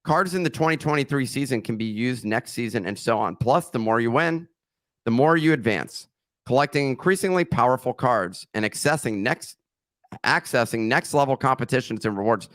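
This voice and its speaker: A podcast host works through a sponsor read in a relaxed chat, cracking jokes on the side and making slips of the tongue. His mid-range voice is a bit bright, his pace moderate, and the sound is free of echo.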